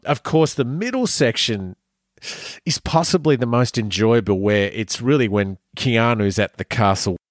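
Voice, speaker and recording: A young man co-hosting a podcast, chatting casually with animated, slangy, joking banter. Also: mid-range voice, a little slow, no room sound, clean studio sound. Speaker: podcast co-host. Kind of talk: casual chat.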